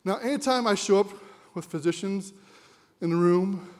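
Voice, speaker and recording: High-voiced man giving a chatty conference talk. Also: moderate pace, a little mellow. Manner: conversational, jokey, asks the audience questions. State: a little winded. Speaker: conference presenter. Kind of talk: live conference presentation. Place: conference room with audience.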